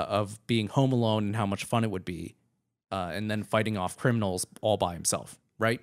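A man co-hosting a film commentary podcast, talking through his analysis in a loose, rambling way full of fillers. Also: medium pitch. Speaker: podcast co-host.

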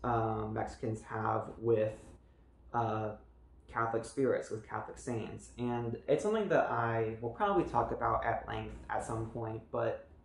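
A man's voice: fairly low pitch, measured pace, gravelly, roomy sound, poor audio. A man from the United States giving a casual, earnest video book review, chatty and full of small fillers and restarts.

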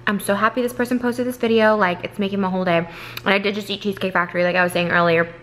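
A young woman with a bright, sharp voice talks straight to her camera at home. She rambles and gushes, leaning on filler words, and her pitch sits in the middle range for a woman. The sound comes through an on-camera mic. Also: steady tone, rapid-fire, a little hiss or hum. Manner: gushing, rambling, says "like" a lot. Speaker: vlogger. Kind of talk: casual vlog chat.

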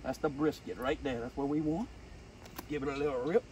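Speaking a little fast in a steady tone, this host has a Louisiana Cajun accent and leads a hands-on how-to demonstration. He's boisterous and slangy, tossing out "dude" and "boom" a lot, captured by a distant mic amid loud outdoor noise.

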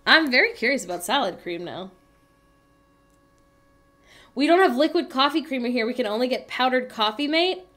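A woman's voice: high-pitched, animated, normal speed, pauses often, a bit bright. A young woman chatting playfully and teasing on a casual livestream from home. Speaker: livestream co-host. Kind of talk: casual chat on a productivity livestream.

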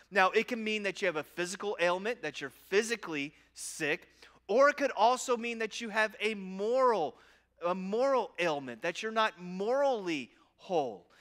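A man in his forties delivers a sermon in a conversational style, with a sharp, bright tone. He jokes at his own expense and often circles back, repeating half-finished phrases before landing the point. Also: high voice. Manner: self-deprecating humor. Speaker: pastor.

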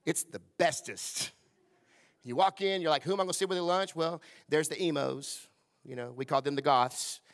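Pastor preaching, high-pitched. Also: male voice, steady tone, fast. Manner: preaching with call-and-response, dropping to a hushed voice for quoted lines. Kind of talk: sermon. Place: church service.

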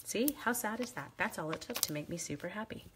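A woman's voice: medium pitch, animated, fairly quick, noisy background. A woman hosting a live craft demonstration, chatting playfully with viewers and teasing herself as she works. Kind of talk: casual live craft demo.

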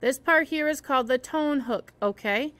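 Woman doing a laid-back male ear doctor, reassuring, joking, bright voice, storybook read-aloud. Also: extremely high pitch, normal speed. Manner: easygoing, reassuring.

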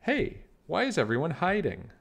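A man's voice: on the high side, huge pitch swings, normal speed, creaky, voice pushed up, full character voice. Brief: matter-of-fact baby bug, hungry, storybook, read by a man in his own voice.

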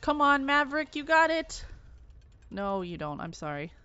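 A woman streaming a video game, giving excitable live commentary, yelling and swearing at the game. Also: high voice, normal speed, muffled recording, faint music behind.

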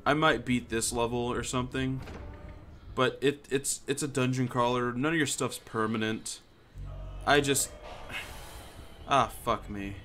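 A man's voice: medium pitch, fairly even intonation, measured pace, long pauses, fairly bright tone. A man giving casual gameplay commentary, joking, swearing and muttering to himself as he plays. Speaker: gamer.

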